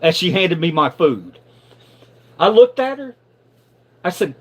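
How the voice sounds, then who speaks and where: A middle-aged man tells a story live, his voice leaping up and down with feeling. He sits a little higher than most men and swears freely, stammering over repeated words whenever he gets riled. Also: normal speed, long pauses. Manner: animated, profane, repeats words when riled. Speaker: live streamer. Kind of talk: casual storytelling.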